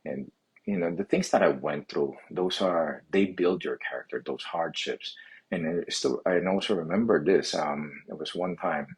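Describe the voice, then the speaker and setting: Very deep husky man, halting. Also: big pitch swings. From Philippines. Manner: halting, many restarts and "you know" fillers. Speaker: physical therapy clinic owner. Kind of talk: personal story monologue.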